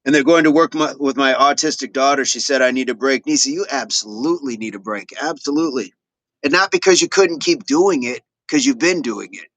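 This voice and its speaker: A man's voice: medium pitch, fairly quick, a bit bright, no room sound. A middle-aged man hosting a fitness livestream, chatting casually with viewers and repeating affirmations as he reads their comments.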